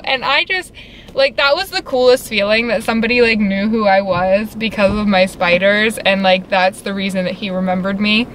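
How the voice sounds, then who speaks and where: A woman's voice: medium pitch, steady tone, moderate pace, fairly bright tone, low-quality recording. A young woman vlogging casually from inside a car, rambling with lots of fillers. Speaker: vlogger and tarantula keeper. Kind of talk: casual vlog chat. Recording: vehicle noise behind.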